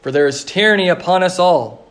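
A man pastor preaching a sermon in an earnest, repetitive liturgical cadence, slowing down on emphatic phrases. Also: sits high, lively intonation, a bit bright.

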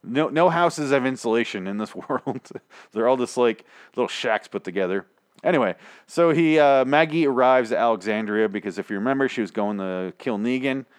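A man's voice: medium pitch, lively intonation, moderate pace, clean tone, dry recording, clean studio sound. A man casually recapping a TV episode on a podcast, rambling and ranting with plenty of swearing.

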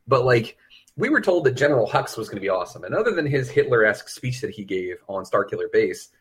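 Husky man in casual film chat. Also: medium pitch, very animated, quick pace, fairly bright tone. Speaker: podcast co-host.

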